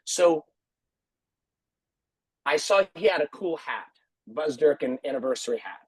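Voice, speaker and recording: Earnest husky man on a video call. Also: fairly high pitch, lively intonation, measured pace, no room sound, rough recording. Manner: earnest, reflective, repeats phrases for emphasis. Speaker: martial arts school owner. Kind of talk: video call panel talk.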